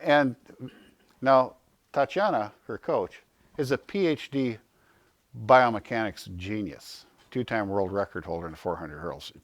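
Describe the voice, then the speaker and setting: In a dry recording, a fairly low-pitched man talks a little slowly through an informal health session for a small audience. He tells lively stories, raises his voice to act out quotations, and asks himself questions before answering them.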